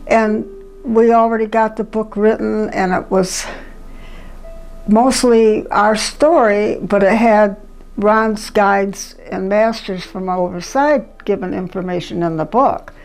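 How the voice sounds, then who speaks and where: Gravelly woman retelling a conversation. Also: mid-range voice, takes it slowly, faint music behind, rough recording. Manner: excited, gushing retelling. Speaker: channeling video host.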